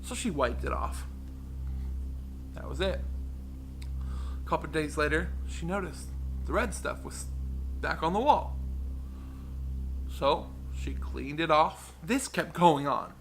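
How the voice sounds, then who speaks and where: A man telling a true ghost story in a casual, hushed way, with dramatic pauses. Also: fairly high pitch, lively intonation, soft background music. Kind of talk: spooky personal storytelling.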